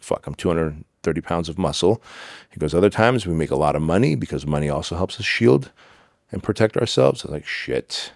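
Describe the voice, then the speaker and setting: Middle-aged guy on a podcast, low voice, dry close mic, tells it with lots of feeling and a few swears. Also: vocal fry, a little mellow, no room sound. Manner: emphatic, swears, acts out dialogue. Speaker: podcast guest. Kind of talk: candid storytelling interview.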